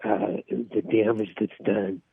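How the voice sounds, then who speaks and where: A man's voice: on the low side, big pitch swings, vocal fry, slightly rough, no echo. Emotional male caller on a phone line. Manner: emotional, halting, many fillers. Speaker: caller, criminal defense attorney. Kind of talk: call-in radio conversation.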